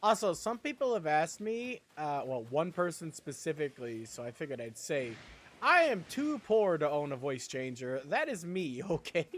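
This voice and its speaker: Young male streamer, high pitch, animated sing-song delivery, chatty and self-mocking over a desk mic. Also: normal speed, slight background noise. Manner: rambling, chatty, jokey asides. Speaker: live streamer. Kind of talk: casual chat while gaming.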